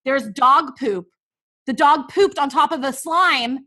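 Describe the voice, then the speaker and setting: A woman's voice: high-pitched, slow pace. A woman in her thirties hosting a casual parenting chat, telling stories with lots of laughter. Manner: animated storyteller, laughs often. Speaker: podcast host.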